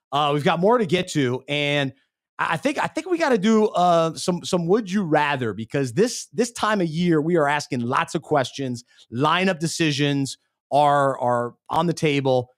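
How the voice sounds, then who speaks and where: A man's voice: fairly high pitch, lively intonation, moderate pace, dry recording. Earnest podcast guy, dry mic. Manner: earnest, self-interrupting, repeats words. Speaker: podcast co-host. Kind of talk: casual faith-based chat.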